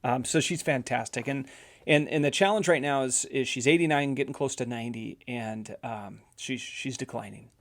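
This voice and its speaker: A man's voice: mid-range voice, moderate pace. A middle-aged man hosting a podcast, telling a casual story with many repeated words and fillers. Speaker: podcast host, physical therapist.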